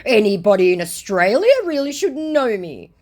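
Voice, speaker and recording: Whiny, wounded scammer man put on by a woman, high and drawn-out, begging in broken English. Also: very animated, a little mellow. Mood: indignant. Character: pleading, self-pitying male online scammer.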